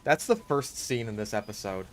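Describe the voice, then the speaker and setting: A man's voice: fairly low pitch, very animated, a little hiss or hum. Exasperated sweary male gameplay commentator. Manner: halting, restarts with lots of "like". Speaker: gaming YouTuber.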